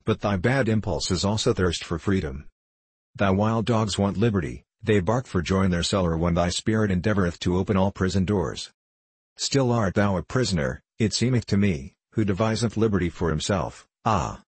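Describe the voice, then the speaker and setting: A man voicing a solemn male sage, calm and grave, speaking archaic words slowly and evenly. The voice sits deep and carries a husky grain, close and dry with no room around it. It is a steady storybook reading. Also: dry recording. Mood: gentle counsel. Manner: measured, unhurried reading of archaic speech.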